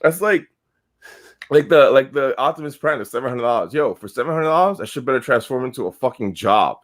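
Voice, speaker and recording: A man's voice: medium pitch, lively intonation, fairly quick. A man hosting a podcast, ranting heatedly and swearing constantly in casual talk. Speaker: podcast host.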